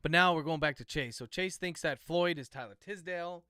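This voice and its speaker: An author dictating his novel on a livestream pronounces each comma and period and chats casually with viewers between passages. His voice is on the high side, pushed and bright, and fairly quick. The recording is studio quality with no echo.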